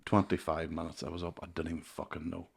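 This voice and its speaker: A man's voice: deep voice, completely flat delivery, quick pace, gravelly, husky. A man hosting a casual podcast chat, a comedian telling stories animatedly and swearing often. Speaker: podcast host and stand-up comedian.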